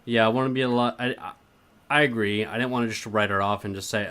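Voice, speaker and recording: A man's voice: lowish voice, fairly even intonation, a little fast, a bit bright. A man co-hosting a casual podcast, talking in a laid-back, agreeable way with sarcastic asides. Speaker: podcast co-host. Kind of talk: casual chat.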